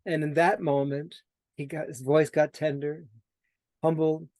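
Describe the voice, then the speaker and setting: A man somewhat high for his sex tells stories as an interview guest. He acts out the conversations he recalls, and the sound is dry and close with no room echo. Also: unhurried. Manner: animated storyteller who acts out quoted dialogue; repeats himself and restarts when searching for words. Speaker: guest, personal transformation coach. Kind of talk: storytelling in conversation.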